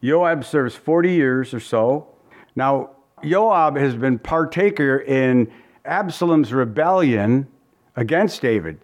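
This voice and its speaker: A man's voice: mid-range voice, lively intonation, takes it slowly. A man preaching as a pastor, teaching verse by verse in a folksy, conversational way and often repeating his phrases.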